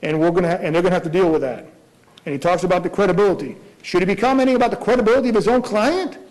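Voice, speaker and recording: A man's voice: high voice, very fast, a little mellow, poor audio. A man arguing as prosecutor in a courtroom, pressing his point with rhetorical questions. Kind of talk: courtroom argument before a judge.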